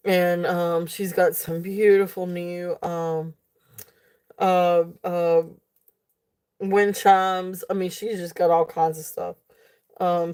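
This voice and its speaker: A woman's voice: on the low side, dark tone. Sleepy, chatty woman live-stream host. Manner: chatty, rambling, laughs often. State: sleepy, yawning. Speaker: live jewelry sale host. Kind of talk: casual live-stream chat.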